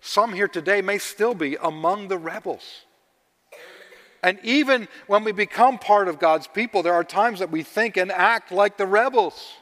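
A man preaching a sermon, telling stories and swinging between loud emphasis and hushed asides. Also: sits high, normal speed. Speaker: pastor. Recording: long reverb of a large hall.

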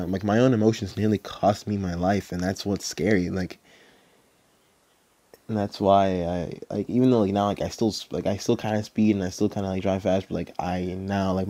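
A young man tells a personal story on his podcast, his voice sitting very low and the sound dry and close. He rambles and restarts, filling nearly every phrase with "like" and the odd curse. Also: dark tone, no echo. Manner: rambling, heavy use of "like", profane. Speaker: podcast host.

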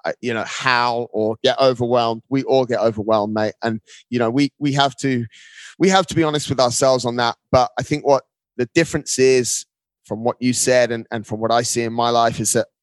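A man's voice: medium pitch, no room sound. Upbeat guy chatting in an interview, says mate a lot, dead dry sound. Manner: upbeat, emphatic, keeps calling the listener mate. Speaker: guest, marathon runner. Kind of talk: casual interview talk.

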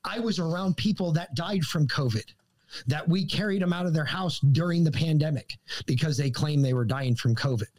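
A man's voice: fairly high pitch, normal speed, a little mellow. Profane man telling a story. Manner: profane, joking anecdotes. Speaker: podcast guest. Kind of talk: casual storytelling.

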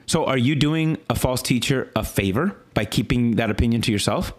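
A man, a pastor, talking through his sermon in a casual, animated way, often restarting and stuttering, swinging between high exclaims and low earnest lines. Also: fairly quick. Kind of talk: casual sermon follow-up talk.

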